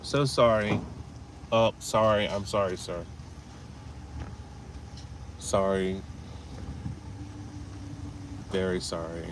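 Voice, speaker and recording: A man wanders through city alleys with a camera, chatting loosely to viewers. His voice sits a little low, and the talk runs on in stories and asides. Faint traffic hums in the background. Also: steady tone, extremely slow, pauses often. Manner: rambling, storytelling, swears casually. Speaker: vlogger. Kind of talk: casual walking vlog with live chat. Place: outdoors in city streets and alleys.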